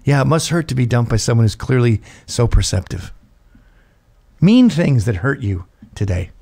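A man's voice: medium pitch, normal speed. A man in his fifties, a show host, telling a comedic story with lots of swearing and acted-out quotes. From Britain. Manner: profane, animated, acts out quotes.

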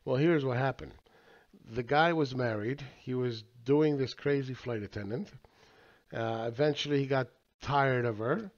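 A man's voice: medium pitch, measured pace. Brief: man with a mid-range voice, casual market commentator, rambling and profane, slightly dull lo-fi recording. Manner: rambling, profane, with filler words and laughs. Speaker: market analyst.

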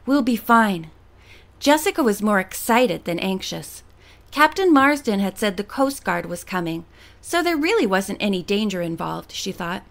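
A woman reading a teen novel aloud as an audiobook narrator, steady and expressive. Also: mid-range voice, moderate pace, vocal fry.

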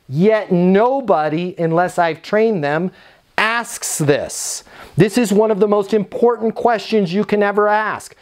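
A man training leasing agents on phone skills, energetic and salesy, acting out phone greetings as he teaches. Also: sits high, measured pace. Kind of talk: instructional talk with acted phone calls.

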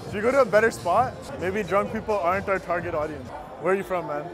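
A nervous young man fires off dad jokes at passersby in a high, eager voice. Loud crowd chatter and music fill the busy street around him. He sounds a little roomy and slightly off the mic. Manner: nervous, eager, rapid-fire delivery. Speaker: vlogger telling jokes to strangers. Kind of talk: street comedy vlog. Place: outdoors on a busy city street.

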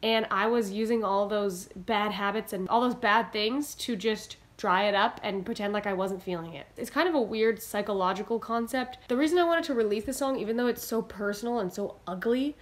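A woman's voice: mid-range voice, fairly quick, few pauses. A young woman talking earnestly to her camera in a vlog, encouraging and a little rambling. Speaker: singer-songwriter vlogger. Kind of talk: heartfelt direct-to-camera vlog talk. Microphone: camera mic, talking to camera.

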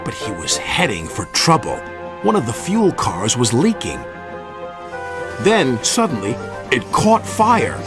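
A man's voice: mid-range voice, huge pitch swings, takes it slowly, music in the background. A man narrating a children's railway story expressively.

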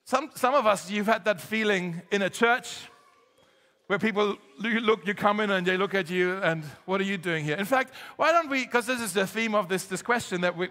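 A man preaching a sermon to a congregation, lively and joking, getting the crowd to join in. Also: high voice, big-room sound. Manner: lively, jokey, talks straight to the congregation. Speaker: pastor. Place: church hall.

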